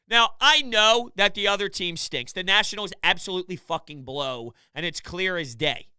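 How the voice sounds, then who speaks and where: A man ranting in an opinionated sports commentary vlog, animated and exasperated. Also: high-pitched, moderate pace, clear, resonant tone, no room sound. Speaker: sports vlogger.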